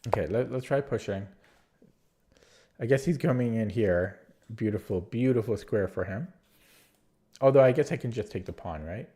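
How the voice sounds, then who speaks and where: A man's voice: fairly low pitch, moderate pace, pauses often, dark tone. A man with a nasal, allergy-stuffed voice thinking aloud as he plays online chess, muttering his moves to himself. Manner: muttering move calls to himself, hesitant. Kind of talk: thinking-aloud game commentary.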